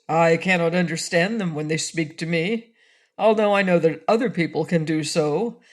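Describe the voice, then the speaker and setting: A solitary male ferryman from a children's storybook, grumpy and withdrawn yet full of remorse, as a woman reader puts him on. He speaks plainly and a little louder than the narration. The delivery is a gentle, read-aloud story voice. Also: fairly low pitch. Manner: gruff, then mournful confession.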